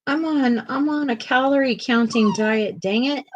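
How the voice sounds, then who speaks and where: Woman, livestream host, slow unhurried talk, breathy husky tone, reads comments aloud. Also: high-pitched, no echo. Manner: coos softly to a fussy pet. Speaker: art channel host. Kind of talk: casual livestream chat.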